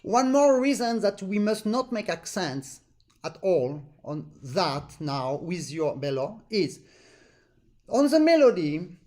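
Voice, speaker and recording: A man's voice: high voice, big pitch swings, slow, darkish tone, soft background music. A man teaching an accordion master class in an online lesson, earnest and demonstrative, repeating points to stress them and singing rhythms in syllables. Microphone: online lesson stream.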